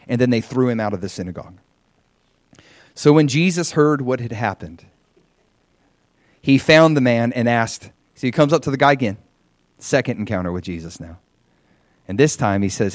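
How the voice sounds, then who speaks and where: A middle-aged man preaching a sermon, retelling a scripture story in a conversational way and acting out the quoted voices with lively shifts. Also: medium pitch, normal speed, pauses often, no room sound, studio quality. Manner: animated, acts out quoted voices, conversational asides.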